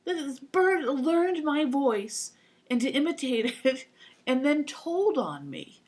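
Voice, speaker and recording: A woman in her fifties, a vlogger, tells rambling personal stories into her computer mic, acting out the voices of people she quotes in casual anecdotal fashion. Her voice is high, sing-song, slow, and a little mellow.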